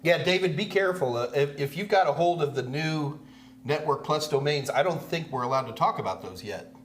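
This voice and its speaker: A man hosting a live tech question-and-answer stream, talking casually and slipping in quick jokes and asides. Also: a little high, animated, a little hiss or hum.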